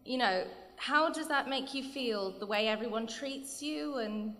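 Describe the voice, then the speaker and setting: A woman's voice: fairly high pitch, fairly bright tone. Earnest woman asking a question in a hall. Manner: earnest, rushed. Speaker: audience member asking a question. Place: convention panel hall. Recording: long hall reverb.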